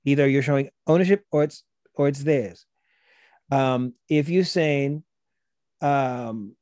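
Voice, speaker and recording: Man, Gullah Geechee accent, mellow voice, dry close recording, chatty explaining guest. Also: medium pitch, a little slow, dry recording. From South Carolina. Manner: loose, repetitive restarts, acts out quoted voices. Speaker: guest, language instructor. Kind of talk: casual conversational explanation.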